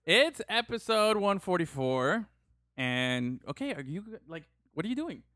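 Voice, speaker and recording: A man's voice: sits high, sing-song, unhurried, pushed and bright, dry recording, studio quality. A man hosting a podcast in casual banter, joking, laughing and rambling between topics. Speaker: podcast host.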